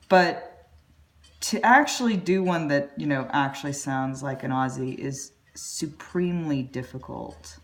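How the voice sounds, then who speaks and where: A woman hosting a live drawing stream, chatting in a rambling way with quick asides. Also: low-pitched, expressive. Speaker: artist and live stream host. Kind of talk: casual chat while drawing. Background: faint music.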